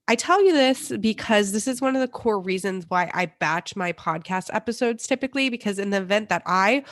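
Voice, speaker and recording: A young woman with a congested, cold-stuffed voice hosts her podcast solo. She talks in a chatty, upbeat way with small laughs, at an ordinary pitch. Her voice sounds dry and close to the mic. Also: no echo. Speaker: podcast host. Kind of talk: casual solo podcast talk.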